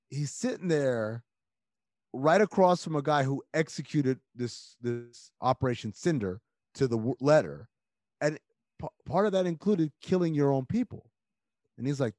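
A man talking casually and emphatically as a podcast guest, rambling with quick restarts. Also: medium pitch, a little mellow, no room sound, studio quality. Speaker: podcast guest, basketball analyst.

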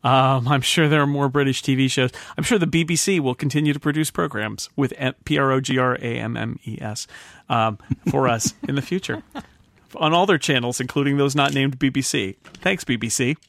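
A man's voice: mid-range voice, brisk, gravelly, a bit bright, no room sound. A North American man hosting a podcast panel, chatty and jokey, laughing often as he wraps up. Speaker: podcast host. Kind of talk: casual panel podcast wrap-up.

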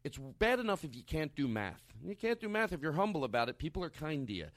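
A man hosting a podcast in casual chat, lively and emphatic, riffing at length. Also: a little high, fast talker, dry recording, studio quality. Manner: lively, emphatic, riffs and preaches. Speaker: podcast host.

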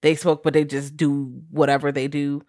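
A woman co-hosting a casual film discussion, lively and profane, jumping into high voices for quoted characters. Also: normal speed, no room sound, studio quality.

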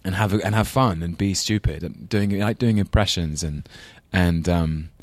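A man's voice: low voice, normal speed, a little mellow, dry recording. An English man with a London accent, chatting thoughtfully as an interview guest, self-deprecating with many restarts. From England. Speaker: guest, actor. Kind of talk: casual interview chat.

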